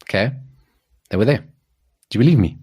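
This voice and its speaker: A South African podcast co-host tells stories on a casual chat show in a lowish, slightly rough voice, speaking fairly quickly. His storytelling is animated and rambling, full of restarts and asides.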